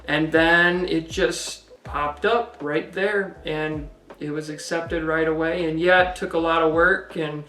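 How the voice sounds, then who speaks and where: A man's voice: fairly high pitch, a little slow, few pauses, recorded from a distance. Man telling a story, roomy room. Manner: relaxed storytelling, many "you know" fillers. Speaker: co-host, husband. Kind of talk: casual podcast-style testimony. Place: home.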